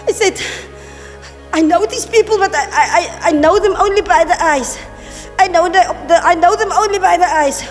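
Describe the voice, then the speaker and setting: A woman giving a church testimony about a vision, telling it in halting, repeated phrases and acting out what was said to her. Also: very high voice. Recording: reverberant hall with music behind.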